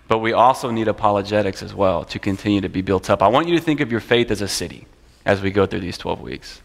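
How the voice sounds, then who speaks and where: A man's voice: lowish voice, fast talker, vocal fry. A man teaching a church class, speaking in an earnest, conversational way and often repeating phrases. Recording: long church hall reverb.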